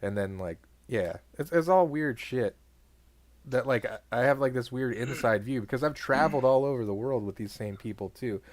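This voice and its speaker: A young man co-hosting a podcast, talking casually in a rambling way, full of "like" and quick laughs. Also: medium pitch. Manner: rambling, lots of "like", laughs often. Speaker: podcast co-host. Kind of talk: casual chat.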